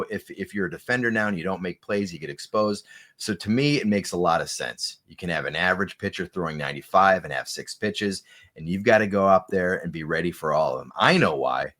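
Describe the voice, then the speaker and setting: A man hosting a casual sports podcast, chatty and quick to laugh. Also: sits low, a bit bright. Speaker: host.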